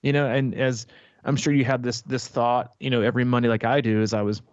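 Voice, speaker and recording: A man's voice: medium pitch, little pitch movement, a little fast, no echo, muffled recording. A man coaching triathletes as a podcast host, talking casually and rambling with many fillers and restarts.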